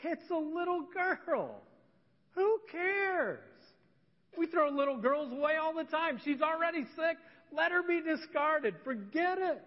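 A man's voice: big pitch swings, unhurried, full character voice. A man voicing a callous, mocking ancient townsman in a sermon, in a raised, shrugging voice. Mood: scornful. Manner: mocking, high-pitched and shrugging. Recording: dull recording with long church reverb.

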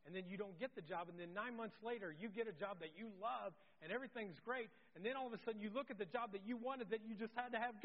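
A pastor preaching a sermon, swinging between loud calls and hushed low lines. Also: male voice, fast, hardly any pauses, in a large hall, lo-fi sound. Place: church.

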